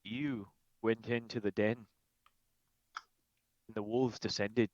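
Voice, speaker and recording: A man voicing a bitter, brooding cloaked vigilante in a gruff put-on Irish accent. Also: lowish voice, steady tone, slow pace, darkish tone, highs cut off.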